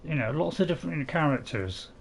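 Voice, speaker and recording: A man's voice: fairly high pitch, lively intonation, a little fast, creaky, background noise. A man giving casual gameplay commentary, rambling and correcting himself with chuckling asides. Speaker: gaming channel host.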